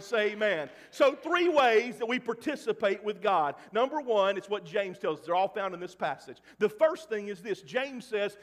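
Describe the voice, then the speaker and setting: A pastor in his forties from Mississippi preaching a sermon, dropping to a hush and then shouting at the peaks. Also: high-pitched. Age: 40s. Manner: swings between hushed and loud, shouting at peaks. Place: church sanctuary. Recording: long church reverb.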